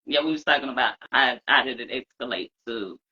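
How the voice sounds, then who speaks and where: A podcast host asking interview questions in a gentle, reassuring way. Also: medium pitch, fairly quick. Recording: dull lo-fi audio.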